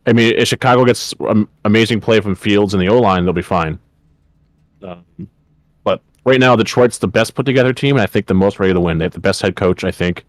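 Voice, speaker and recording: Co-host, young guy, low-pitched, dry close sound, casual football talk. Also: a little fast, no echo. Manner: puts on a jokey Midwestern voice. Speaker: podcast co-host. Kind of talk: casual sports chat.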